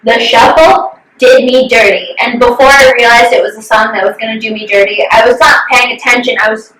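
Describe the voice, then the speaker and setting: Openhartige vrouw in een galmende kamer. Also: female voice, a little high, fairly even intonation, a little fast, a bit bright, echoey room, recorded from a distance, rough recording. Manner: candid, swears freely, acts out quotes. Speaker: podcast co-host. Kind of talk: casual chat.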